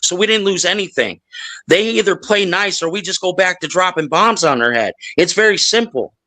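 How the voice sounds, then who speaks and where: Man, high voice, tense bright tone, emphatic, casual swearing, panel debate. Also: expressive, normal speed, low-quality recording.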